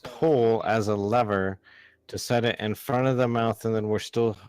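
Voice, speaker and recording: A man's voice: on the low side, fairly even intonation, normal speed, a little mellow, smooth, no room sound. A man playing in a tabletop game, eagerly laying out what his character tries to do. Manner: eager, plainly describing his plans. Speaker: player. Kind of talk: casual game chat.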